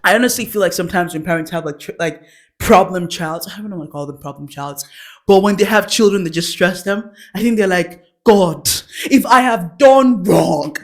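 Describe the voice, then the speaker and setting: A young woman with a lowish voice hosts a comedy show, talking a little fast as she tells stories from her childhood. She giggles often and acts out the quotes in this laughing, personal storytelling.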